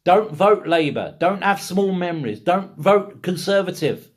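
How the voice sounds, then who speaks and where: Ranting English man, higher voice. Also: animated, unhurried. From England. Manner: ranting, repetitive rhetorical questions. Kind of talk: casual political rant.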